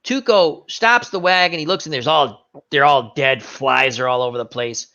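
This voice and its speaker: A man's voice: medium pitch, moderate pace, sharp tone. A man hosting a casual chat, retelling scenes animatedly with fillers and self-corrections. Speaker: host. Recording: dull lo-fi recording.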